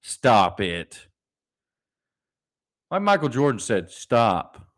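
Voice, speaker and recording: A man's voice: mid-range voice, big pitch swings, drawn-out words, a bit bright. A young adult man hosting a solo podcast, ranting animatedly and mocking people in put-on voices. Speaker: podcast host.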